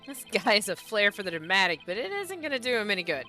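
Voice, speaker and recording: A woman with a Southern US accent chats casually and jokes while playing through a game. Her voice is bright and lively at mid pitch, with faint music playing underneath. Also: quick pace, hardly any pauses. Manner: chatty, laughing asides. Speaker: streamer.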